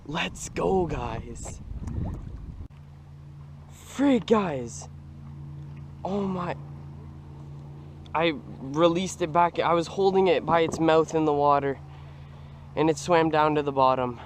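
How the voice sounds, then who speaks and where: A young man narrates a fishing trip from a kayak on open water, picked up by a camera fixed to the boat. His voice sits a little high and he talks in a slow, drawn-out way. He is excitable, with hushed murmurs that break into loud outbursts. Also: a little hiss or hum. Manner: excitable, exclaiming, swings between hushed murmurs and shouts. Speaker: fishing vlogger. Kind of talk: excited outdoor vlog commentary.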